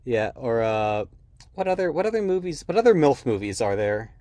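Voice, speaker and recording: A man's voice: medium pitch, very animated, normal speed, dark tone, no echo. A man co-hosting a casual film podcast, rambling with many restarts. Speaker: podcast co-host.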